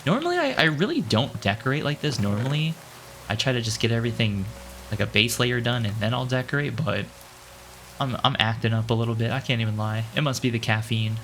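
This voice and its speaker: A man casually commenting on his own gameplay, chatty and playful, thinking out loud and jumping up in pitch when excited. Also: fairly quick, slight background noise. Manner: chatty and playful, calls himself "your boy". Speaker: gaming channel host.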